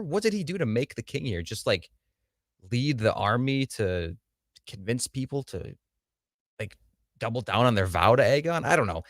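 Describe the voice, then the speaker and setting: A man's voice: mid-range voice, normal speed, long pauses, dry recording, clean studio sound. A man co-hosting a TV review livestream, opinionated and joking, with casual swearing. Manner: opinionated, animated, swears and jokes. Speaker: podcast co-host.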